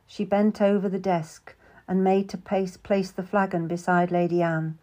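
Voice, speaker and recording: A woman narrating a first-person historical novel in an even, measured storytelling manner. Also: lowish voice. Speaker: audiobook narrator.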